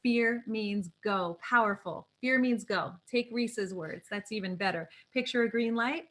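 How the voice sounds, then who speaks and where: A woman hosting a live online coaching masterclass on a video call, encouraging and quick to laugh. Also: fairly high pitch, a bit bright, low-quality recording. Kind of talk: live webinar presentation.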